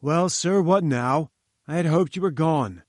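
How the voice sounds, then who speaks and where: A domineering old scientist, as a narrator puts him on, barking orders in a curt, forceful manner. The voice sits fairly high and sounds close and dry. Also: male voice, lively intonation, normal speed, no room sound, lightly acted. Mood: irritated. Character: domineering, irascible older male scientist.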